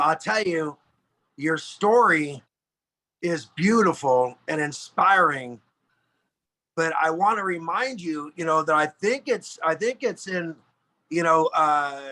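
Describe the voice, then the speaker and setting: A man's voice: fairly high pitch, bright, forceful tone, low-quality recording. A man hosting a video call, rambling a little and searching for words as he retells a story. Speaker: host. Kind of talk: casual chat on a video call.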